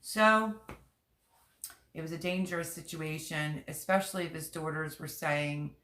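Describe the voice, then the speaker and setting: A woman's voice: sits low, fairly even intonation, measured pace, sharp tone. Rambling candid woman in echoey room. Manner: rambling, candid and emotional, repeats herself. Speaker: livestream host. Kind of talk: casual livestream chat.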